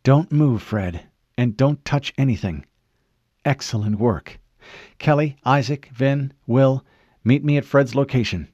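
A male narrator puts on a husky, clipped older woman scientist who gives orders in a hurry, raised a little above his own low register. The read comes across dull and dry, as from a close studio mic. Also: unhurried, a little mellow, dry recording, lightly acted. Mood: urgent, clipped. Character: brisk urgent older woman scientist, commanding. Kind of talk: audiobook character voice.

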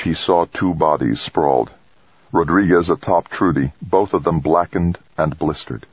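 A man narrating a science fiction story in a steady, dramatic reading. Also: very deep voice, slightly rough, no room sound. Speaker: audiobook narrator. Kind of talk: scripted narration. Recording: dull, dry close recording.

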